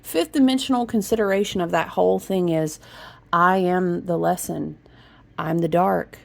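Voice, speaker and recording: A woman's voice: on the low side, moderate pace, gravelly. A woman giving a casual spiritual reading in a chatty, rambling manner, often cutting herself off mid-thought. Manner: chatty, animated, breaks into humming and hushing; rambling, self-interrupting, says y'all. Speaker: spiritual reader.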